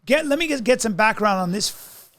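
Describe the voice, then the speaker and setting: A high-pitched man from New York tells a long story on a comedy podcast, stumbling over restarts and acting out what others said. His voice is recorded close and dry, with no room sound. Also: lively intonation, brisk, a bit bright, no echo. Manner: rambling storyteller, many restarts and acted-out quotes. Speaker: podcast co-host. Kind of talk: casual comedic chat.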